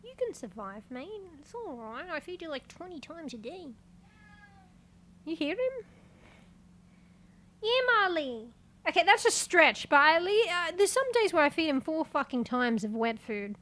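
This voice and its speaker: A woman's voice: sits high, sing-song, unhurried, long pauses, a bit bright. Rambling young woman game streamer. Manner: rambling, swears freely, laughs often. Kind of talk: casual live-stream chat.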